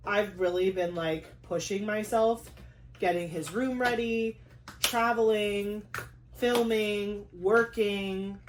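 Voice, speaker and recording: A young woman chatting casually on her craft vlog, talking fast with lots of "like" and quick asides. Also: medium pitch, a little hiss or hum. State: pregnant. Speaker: craft vlogger. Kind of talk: casual chat.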